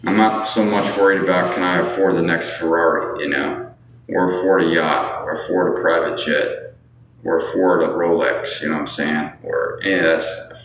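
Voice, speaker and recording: A man's voice: sits low, a bit bright. A man chatting casually on a livestream, rambling and answering viewers, often tacking on "you know what I'm saying". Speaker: livestreamer asking viewers for money. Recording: echoey room with faint background noise.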